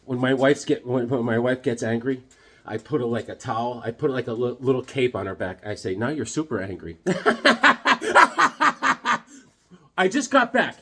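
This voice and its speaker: Husky, rambling man showing off his comics. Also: mid-range voice, expressive, fairly quick, a bit bright. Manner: rambling, jokey, loose. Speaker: comic collector vlogger. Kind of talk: casual vlog chat. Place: home with comic cabinets.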